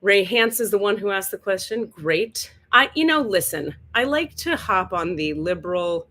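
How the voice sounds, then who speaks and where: A woman's voice: mid-range voice, animated, normal speed, pushed and bright. A woman from California hosting her own live stream, chatting casually in a playful, profane, self-mocking way from a rented home. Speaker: livestream spiritual host. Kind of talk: casual livestream chat.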